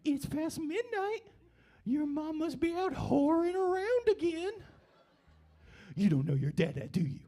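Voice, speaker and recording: A man's voice: very high-pitched, big pitch swings, measured pace, dark tone, pitched above the performer's own voice, heavily acted. A man voicing himself cooing insults to an infant in sing-song baby talk. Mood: mock-sweet.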